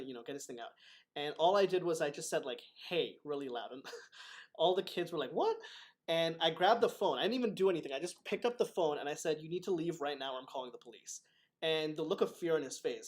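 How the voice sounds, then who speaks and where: Male host, martial arts teacher, higher voice, chatty storyteller. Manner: animated storytelling with laughs. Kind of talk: casual chat.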